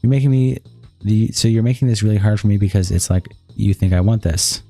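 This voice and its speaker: A man streaming, reading a long text-message exchange aloud in a rapid, flat read-through. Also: on the low side, soft background music.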